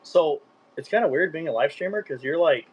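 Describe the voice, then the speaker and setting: A man who is a live streamer, rambling in a casual interview and getting animated when excited. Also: a little high, a little fast, breathy edge, highs cut off.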